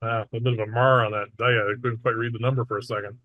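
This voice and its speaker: A man serving as game master in a tabletop game, describing scenes in a relaxed, matter-of-fact way. His voice sits at a middle pitch. The room sound is dry, with no echo. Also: fast, phone-quality sound. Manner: relaxed, matter-of-fact narration with small asides.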